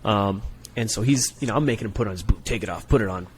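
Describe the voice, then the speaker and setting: A man, a Marine gunnery sergeant and former recruiter, telling stories on a podcast in a profane, animated way that keeps checking in with "right?". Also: on the low side, quick pace, a little hiss or hum. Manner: profane, animated storyteller, peppers talk with "right?". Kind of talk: casual podcast storytelling.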